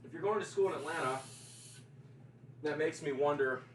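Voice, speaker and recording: A man's voice: a little high, normal speed, a little hiss or hum, low-quality recording. A man with a Southern American accent chatting casually on a livestream, joking, teasing and answering his chat. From Deep South of the US.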